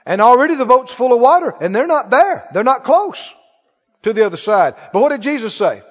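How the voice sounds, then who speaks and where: A man's voice: very high-pitched, sing-song, fairly quick. Male preacher, playful and emphatic, in an echoey hall with a dull recording. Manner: rhetorical questions, playful and emphatic. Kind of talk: sermon.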